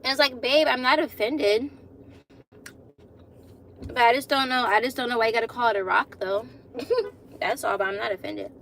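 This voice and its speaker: A woman's voice: fairly high pitch, lively intonation, fairly quick, gravelly, a bit bright, a little hiss or hum. A woman in her twenties chatting casually with viewers on a phone live stream, laughing often and repeating herself. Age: 20s. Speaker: vlogger hosting a live stream.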